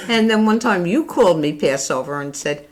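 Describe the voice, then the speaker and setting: An older woman, chatting casually as a mother telling family stories, often laughing. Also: on the high side. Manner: warm, chatty storyteller who laughs often. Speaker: mother being interviewed.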